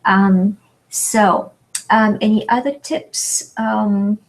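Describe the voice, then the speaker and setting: A woman whose first language is French, teaching in a webinar lesson, speaking slowly and deliberately and stretching her vowels to enunciate everything. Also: medium pitch, steady tone, rough recording. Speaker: French tutor.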